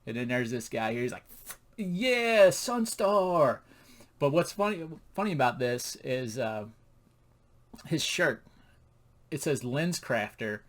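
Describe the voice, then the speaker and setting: A man casually reviewing a comic book, rambling and laughing at its jokes. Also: mid-range voice.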